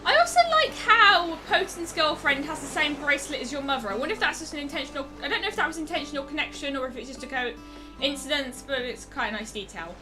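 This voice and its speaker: A woman hosts a let's play, talking fast and animatedly in a high voice. Her gameplay commentary is chatty and wry, nitpicking the game while its music plays behind her.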